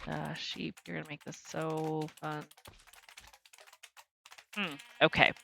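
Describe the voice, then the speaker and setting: A woman's voice: low-pitched, level tone, slow, creaky, pushed and bright, slight background noise. A woman streaming a game, chatting casually to her viewers, joking about her own mistakes and laughing often. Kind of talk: casual live-stream commentary.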